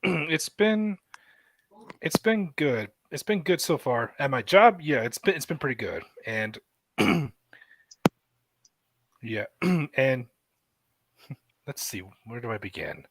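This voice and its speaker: A man's voice: mid-range voice, big pitch swings, background noise. A man and content creator, speaking hesitantly in a casual group chat, searching for words. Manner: hesitant, halting, clears throat often.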